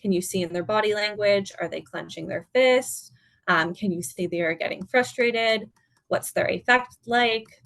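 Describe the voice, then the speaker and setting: A woman presenting at an online seminar as a dementia care educator, giving calm, step-by-step guidance. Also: mid-range voice, normal speed, gravelly, no room sound. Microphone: video call.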